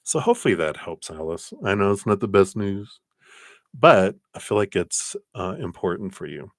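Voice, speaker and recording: A middle-aged man reading tarot cards on a live stream, offering gentle, encouraging spiritual advice. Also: sits low, lively intonation, normal speed, no room sound, studio quality. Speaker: tarot card reader.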